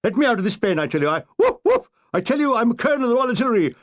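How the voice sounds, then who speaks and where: A man's voice: extremely high pitch, sing-song, rapid-fire, pitched above the performer's own voice. A man voicing an indignant old army colonel who barks and yelps like a dog. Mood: barking. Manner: yelping, barking, indignant shouting.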